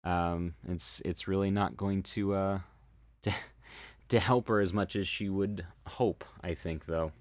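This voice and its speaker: Deep-voiced man explaining with many fillers. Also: steady tone, no echo, studio quality. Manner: thoughtful, halting, many fillers and restarts. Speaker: host analyzing body language. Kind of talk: casual explanatory commentary.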